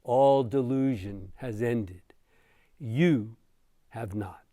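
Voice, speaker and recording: A man voicing a serene, slow-speaking sage. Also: mid-range voice, warm tone, dry recording, clean studio sound. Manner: slow, measured, firm. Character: serene calm male sage, unhurried.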